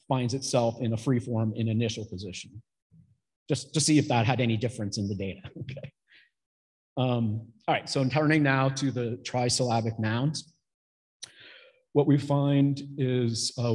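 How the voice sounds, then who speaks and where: A man delivers a conference presentation in a husky, slightly breathy voice at an ordinary middle pitch. He explains his points in a measured, step-by-step way and often pauses between them. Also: darkish tone, rough recording.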